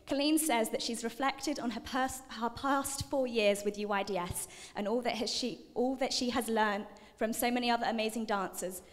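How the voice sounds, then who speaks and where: A young woman presenting a student dance showcase on stage, out of breath, chatty and a little flustered, with lots of fillers. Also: a little high. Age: young adult. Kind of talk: live stage announcing. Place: large dining hall. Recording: long hall reverb.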